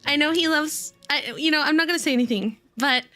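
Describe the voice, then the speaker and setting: A woman's voice: high-pitched, brisk, sharp tone, no echo, soft background music. A woman streamer chatting casually with her viewers, giggly and gushing and laughing often. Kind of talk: casual live-stream chat.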